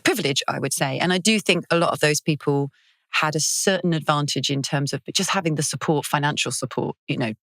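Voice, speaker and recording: A middle-aged woman from Kent, a guest performer telling stories in a casual podcast interview with quick, self-deprecating wit. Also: sits low, fairly bright tone, dry recording. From Kent, England.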